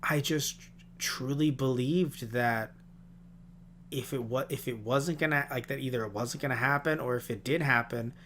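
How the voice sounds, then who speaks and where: A man hosting a podcast, chatting casually about a show, animated and swearing, sometimes arguing with himself for a laugh. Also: mid-range voice, moderate pace, a little hiss or hum. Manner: animated, swearing, mock-argues with himself in bits. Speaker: podcast host. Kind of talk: casual review chat.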